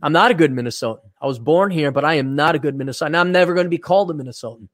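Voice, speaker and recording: A man with a somewhat high voice riffs bluntly and sarcastically while reading out viewer donations. He talks casually, close to the mic in a dry, deadened room. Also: rapid-fire, no echo. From Wisconsin. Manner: blunt, sarcastic, acts out mocking quotes. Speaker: podcast co-host.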